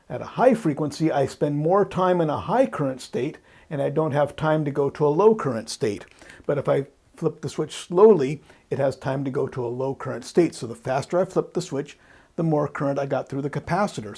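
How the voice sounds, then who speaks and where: Husky-voiced man teaching electronics. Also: fairly high pitch, a little mellow. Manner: patient, repeats key points, thinks aloud. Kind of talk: explaining while drawing on a board.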